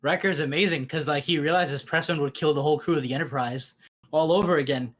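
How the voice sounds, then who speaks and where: A man with a slightly higher voice chatting casually with friends. He agrees readily, then adds his own explanations. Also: fast talker, a bit bright. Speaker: watch-along participant. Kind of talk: casual group chat.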